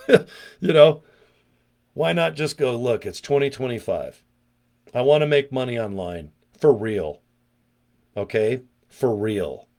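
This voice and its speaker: A middle-aged man giving a casual, pushy sales pitch to camera outdoors, talking folksy and checking in with "okay?" and "guys". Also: creaky. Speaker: online business vlogger. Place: outdoors, windy.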